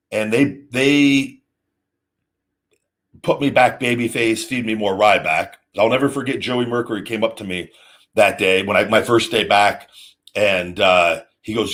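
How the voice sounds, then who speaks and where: A man's voice: fairly low pitch, fairly bright tone. Rambling man on a live show. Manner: rambling, frequent restarts, storytelling with acted quotes. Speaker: podcast host. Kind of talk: casual live-stream chat.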